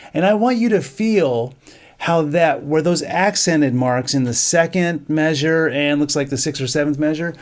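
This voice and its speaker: A middle-aged band director teaching a music lesson, counting off beats and singing rhythms on syllables. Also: male voice, on the high side.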